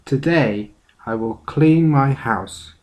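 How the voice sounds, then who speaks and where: A man's voice: medium pitch, slow pace, a little mellow, close to an everyday voice. A man reading a storybook aloud, voicing a fussy, house-proud farmer's wife. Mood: brisk.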